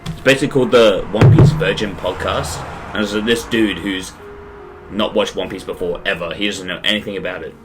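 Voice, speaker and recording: A man's voice: deep voice, a little fast, music in the background. A young man chatting casually as a podcast co-host, slangy and swearing. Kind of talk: casual chat.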